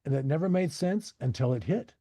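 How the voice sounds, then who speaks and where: A man, a podcast guest, telling stories in a casual, animated way and acting out the voices of the people he quotes. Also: a little high, brisk, no echo. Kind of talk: casual storytelling.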